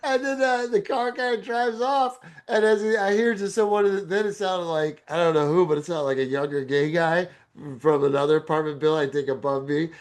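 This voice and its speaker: A man's voice: sits high, steady tone, fairly quick, few pauses. A man co-hosting a podcast, telling a story in casual chat, swearing freely and acting out the people he quotes. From lives in LA. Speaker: podcast co-host.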